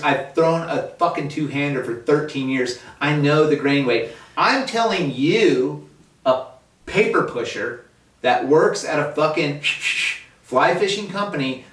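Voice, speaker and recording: A man in a fly shop, ranting profanely about fishing line in casual talk, heard from a distance. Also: a little high. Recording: echoey room, mic at a distance.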